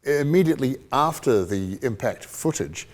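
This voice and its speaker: A man's voice: medium pitch, animated, moderate pace. A man from New Zealand co-hosting a motorsport podcast, rambling and chatty, often laughing. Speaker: podcast co-host. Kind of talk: casual chat.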